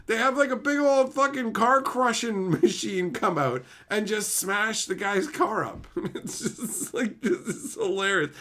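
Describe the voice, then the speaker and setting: A man's voice: high voice, expressive, unhurried, bright, forceful tone. A man from Canada chatting casually on a livestream, swearing freely and laughing often as he answers his chat. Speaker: streamer reading chat.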